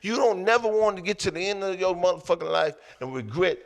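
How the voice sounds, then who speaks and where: Blunt profane man, slightly high voice. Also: animated. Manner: blunt, profane, drawn-out musing. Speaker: podcast co-host. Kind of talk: casual podcast chat.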